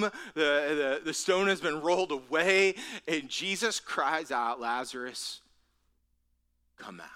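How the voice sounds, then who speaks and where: A man with a bright, forceful voice delivers a sermon, speaking a little higher than most men. He preaches in an earnest, conversational way, circling back over his words. For emphasis he drops his voice to a hushed near whisper. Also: smooth. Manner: repeats words and restarts phrases. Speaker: pastor.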